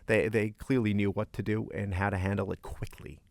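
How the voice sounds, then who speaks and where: A man co-hosting a podcast, telling a story in casual chat as an animated storyteller who acts out the people he quotes. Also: on the low side, fairly quick, no echo. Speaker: podcast co-host.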